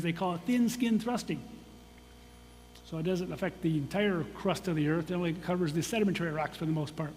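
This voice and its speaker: A guest geologist from Michigan, with a fairly high and slightly mellow voice, gives an audience a casual talk full of restarts and side comments. The room has a long hall reverb, with a faint hum underneath.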